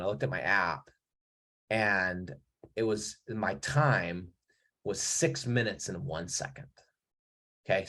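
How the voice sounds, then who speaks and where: A man in his thirties giving a blunt, profane motivational talk to his viewers, telling a story with rising emphasis. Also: lowish voice. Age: 30s. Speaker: mentor. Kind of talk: casual motivational talk to camera.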